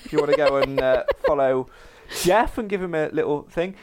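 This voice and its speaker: A man's voice: fairly high pitch, animated, moderate pace, noisy background. A man co-hosting a podcast, chatting casually and reading a fan post aloud, tripping over words as he goes. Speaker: podcast co-host.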